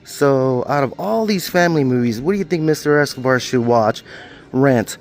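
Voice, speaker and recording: A man's voice: medium pitch, expressive, normal speed. A middle-aged man, casually vlogging his way through a video rental store and joking about himself in the third person. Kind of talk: casual vlog walkthrough.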